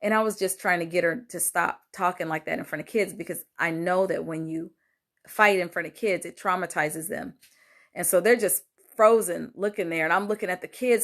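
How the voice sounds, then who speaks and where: An older woman, a grandmother, telling a personal story in a casual monologue, animated and acting out quoted lines, with many fillers. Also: fairly low pitch, normal speed. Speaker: host sharing a personal story.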